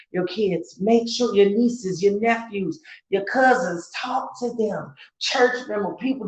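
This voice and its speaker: A woman's voice: medium pitch, echoey room, low-quality recording. A woman co-hosting a casual heart-to-heart talk as a mother, earnest and growing fervent and preachy, repeating words for emphasis. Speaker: co-host, mother.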